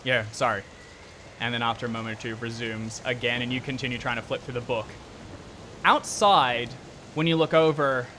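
A man's voice: medium pitch, pushed and bright, a little hiss or hum. A man running a tabletop horror game as game master, narrating in a loose, rambling way with many fillers.

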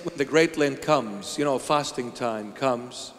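A man bishop preaching a sermon in a church, playful and animated, often acting out little scenes. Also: mid-range voice, slow. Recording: long church reverb.

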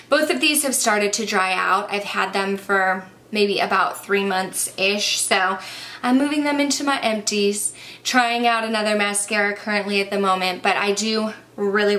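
A woman's voice: medium pitch, bright, forceful tone. A young woman chatting casually and enthusiastically through a makeup review, a little out of breath. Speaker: beauty vlogger.

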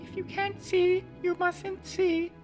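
A man voicing a tiny, sly, giggling magical ferryman in a squeaky falsetto for a storybook reading. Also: flat delivery, slow pace, soft background music. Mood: teasing.

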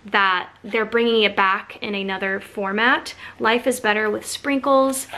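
A woman's voice: fairly high pitch, fairly bright tone, a little hiss or hum. A woman in her thirties chatting casually through a shopping haul, gushing with enthusiasm over each item. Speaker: haul vlogger. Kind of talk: casual show-and-tell haul.

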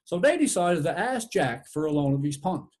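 Male storyteller, Newfoundland accent, higher voice, very lively delivery, folksy and rhythmic repetition. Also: moderate pace. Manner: folksy, rhythmic, repeats "she said" and "sure enough". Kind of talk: oral folk tale telling.

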